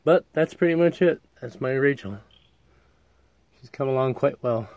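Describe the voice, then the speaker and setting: A man's voice: medium pitch, normal speed, a little mellow, no room sound. Breathless middle-aged man giving a casual van tour. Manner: folksy, plainspoken, chuckles often. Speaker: vlogger touring his camper van. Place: inside a small camper van.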